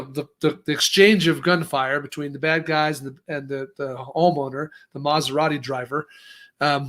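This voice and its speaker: A man co-hosting a casual news commentary, talking in a lively way and restarting his sentences often. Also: fairly high pitch. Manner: lively, acts out quotes, frequent restarts. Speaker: co-host.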